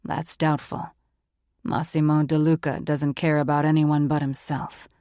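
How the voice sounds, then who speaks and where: A sly, self-assured man speaks low and measured in this audiobook, as a woman narrator puts him on. The voice sits very deep for her, with a gravelly grain and a dry, close sound. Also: little pitch movement, warm tone, no room sound. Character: smooth confident man, sly and teasing. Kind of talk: audiobook character voice.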